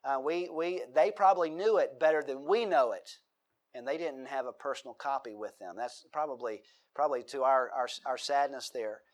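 A man's voice: medium pitch, normal speed. A middle-aged man, a pastor, preaching a sermon, reading scripture aloud and putting questions to his congregation.

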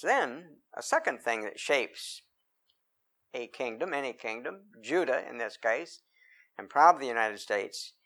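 A man preaching a sermon, reading scripture slowly and with emphasis between plainly spoken remarks with many fillers. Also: medium pitch, creaky, a bit bright.

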